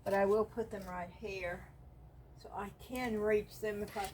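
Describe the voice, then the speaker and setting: A Southern woman vlogs her bargain finds in a chatty, rambling way, sliding from one craft idea to the next. Her voice sits at an everyday middle pitch. A faint noise runs under the recording. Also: a little slow. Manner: chatty, excited about bargains, rambling asides. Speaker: craft vlogger. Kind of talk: casual haul and craft chat.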